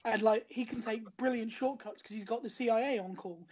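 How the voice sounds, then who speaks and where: A woman talks through her recommendation in a loose, conversational way, circling back and restarting her sentences as she goes. Her voice sits a touch higher than most women's. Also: a little fast, a little mellow. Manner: chatty and rambling, with many restarts. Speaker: guest recommending a TV show. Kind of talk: casual podcast chat.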